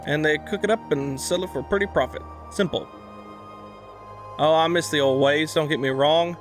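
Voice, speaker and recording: A man voicing a folksy, proud female pirate captain from a video game, in a put-on American Southern drawl and a slow, halting read. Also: on the high side, over music, lightly acted. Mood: gruff. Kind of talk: reading game dialogue aloud.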